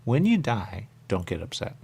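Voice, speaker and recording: A man's voice: on the low side, huge pitch swings, moderate pace, gravelly, darkish tone, breathy edge, heavily acted. A man improvising as the ghost of a dead man, rambling and repeating himself, sometimes dropping to a whisper. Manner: rambling, repetitive, drifting into whispers. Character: rambling dead man's ghost, confused and rhyme-obsessed. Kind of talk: improvised comedy monologue.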